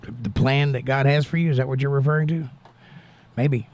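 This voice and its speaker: A man with a mid-range, slightly mellow voice hosts a laid-back livestream, reading comments aloud and responding with thanks to God. He talks briskly with fairly even intonation, and there's no echo.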